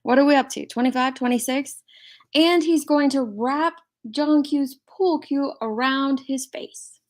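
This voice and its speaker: A woman's voice: high-pitched, unhurried. A middle-aged woman hosting a livestream, reacting to a clip with indignant commentary and thanking chat members. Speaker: commentary channel host.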